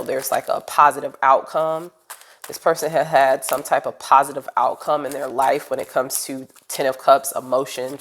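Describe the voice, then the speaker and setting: A woman with a low voice reads tarot cards aloud in a loose, chatty way. She sounds congested from a cold, and her talk drifts and rambles with "um"s and "you know"s. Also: a little hiss or hum. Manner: chatty, rambling, direct address with fillers. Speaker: tarot reader. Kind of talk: casual tarot reading.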